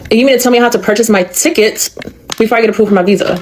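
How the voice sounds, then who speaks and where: A woman's voice: on the high side, racing, slight background noise. An American woman venting to camera in a casual selfie video, exasperated and full of rhetorical questions. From United States. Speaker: vlogger.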